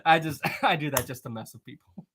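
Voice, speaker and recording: A man's voice: fairly high pitch, expressive, fairly bright tone, slight background noise. A man with a Southern US accent who hosts a history livestream, chatting casually and laughing as he answers viewer comments. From West Virginia. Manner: jokey, chatty, quick to laugh. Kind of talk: casual live-stream chat reading viewer comments.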